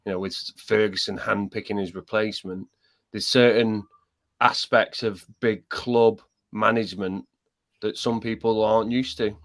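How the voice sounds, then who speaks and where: A man co-hosting a football podcast, talking in a halting way with many restarts in casual chat. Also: lowish voice, fairly even intonation, no echo. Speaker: podcast co-host.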